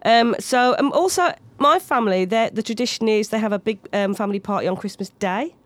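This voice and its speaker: A woman's voice: medium pitch, fairly quick, no room sound. A woman in her thirties, a comedian guest, chatting casually and telling anecdotes with lots of put-on voices. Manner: animated storytelling with mimicked voices.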